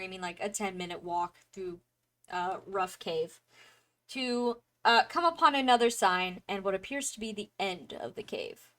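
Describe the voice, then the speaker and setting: A woman's voice: mid-range voice, expressive, unhurried, a bit bright. A woman narrating a tabletop game as game master, loose and playful, with many fillers.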